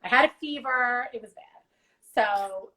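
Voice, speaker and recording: Bright, chatty woman hosting a live chat. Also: fairly high pitch, a little slow, poor audio. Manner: chatty and animated, swears casually. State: recovering from strep throat. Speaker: host. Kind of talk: casual livestream chat.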